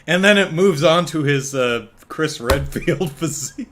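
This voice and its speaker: Male podcast host, unhurried and wry, with a lively rise and fall, talking from home. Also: fairly high pitch. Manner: chuckling, wry storytelling with frequent restarts. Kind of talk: casual solo podcast chat. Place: home, apartment.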